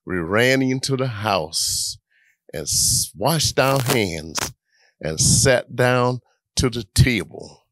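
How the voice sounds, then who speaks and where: A man's voice: mid-range voice, dry recording. A man, telling a childhood story to an audience. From South Carolina. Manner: slow, lively, drawn-out childhood tale.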